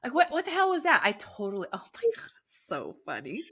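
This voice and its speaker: Bright, effusive woman podcast host. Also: mid-range voice, wildly swooping pitch, quick pace, breathy edge. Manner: enthusiastic, effusive, laughs easily. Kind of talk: casual interview chat.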